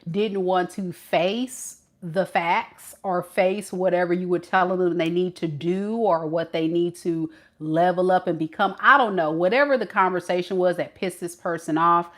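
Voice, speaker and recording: A woman's voice: fairly low pitch, steady tone, moderate pace, few pauses. A woman giving a casual tarot reading, chatty and playful, with slangy phrasing. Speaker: tarot reader.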